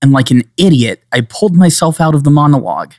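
A man's voice: a little high, big pitch swings, quick pace, darkish tone, dry recording. Joking male podcast co-host, dry close mic. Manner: joking, rambling, slips into playful accents. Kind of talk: casual chat.

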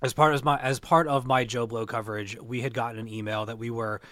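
Speaking fairly quickly with little pitch movement, this podcast co-host has a mid-range, slightly bright voice. The young man meanders through convention anecdotes, frequently starting over, in studio-quality sound with no echo.

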